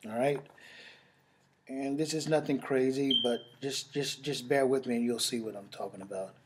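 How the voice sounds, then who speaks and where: There's background noise as a man, a network marketing presenter, gives a halting, emotional testimonial and sales pitch that feels home-camera recorded. He repeats himself and pauses to sigh.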